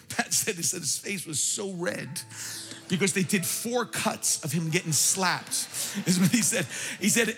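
A man's voice: on the high side, sharp tone. A man preaching a sermon, telling a story with fervent, emphatic delivery. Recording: reverberant hall with faint music.

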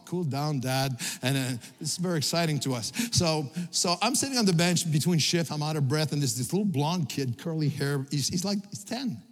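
Middle-aged male pastor, sermon delivery, slightly high voice, halting repeats, loud emphatic peaks, long hall reverb.

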